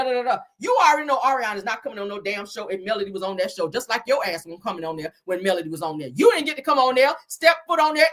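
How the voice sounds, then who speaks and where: A woman's voice: sits high, pushed and bright. A woman hosting reality TV commentary, blunt and scolding, with frequent swearing. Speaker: commentary host.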